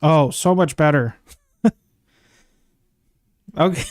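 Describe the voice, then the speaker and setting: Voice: medium pitch, slow, dry recording, poor audio. A streamer chatting casually while gaming, rambling and joking and reading chat aloud. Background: game music.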